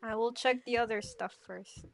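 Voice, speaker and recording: A woman's voice: on the high side, fairly even intonation, moderate pace, gravelly, a little hiss or hum. A woman streaming a horror game, talking to herself with jumpy, scared outbursts. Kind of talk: horror game let's play commentary.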